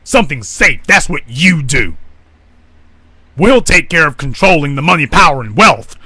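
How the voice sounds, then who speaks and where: A man's voice: fairly high pitch, big pitch swings, normal speed, sharp tone, breathy edge, dry recording, full character voice. A man mocking a condescending oppressor. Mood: patronizing. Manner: mocking, patronizing scolding. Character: condescending male oppressor talking down.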